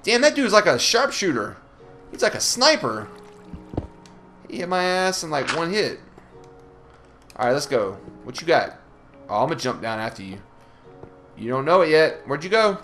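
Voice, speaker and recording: A young man talks through his game session with lively, swooping pitch, taunting the monsters and cursing when things go wrong. Clear music from the game plays under his voice the whole time. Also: moderate pace, pauses often. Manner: animated, swears, trash-talks the monsters. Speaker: gaming channel host. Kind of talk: Let's Play commentary.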